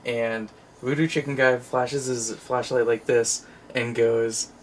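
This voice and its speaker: Casual co-host, animated storyteller, mid voice, light background hiss. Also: male voice, medium pitch, takes it slowly. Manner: animated storyteller, acts out movie scenes in put-on voices. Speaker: co-host of a movie collection channel. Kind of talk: casual chat.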